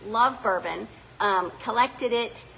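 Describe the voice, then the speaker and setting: Middle-aged South African woman, winery owner, chatty storyteller, bright voice. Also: a little high, slow, creaky, a little hiss or hum, poor audio. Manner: chatty, rambling, with frequent ums and restarts. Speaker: winery and distillery owner giving a tour. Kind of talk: casual storytelling to visitors. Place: inside a small distillery.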